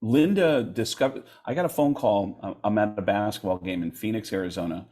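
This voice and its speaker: Animated middle-aged male comedian storytelling. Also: lowish voice, fairly quick. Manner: animated storyteller, acts out quotes. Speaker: comedian and voice actor, interview guest. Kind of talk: casual storytelling interview.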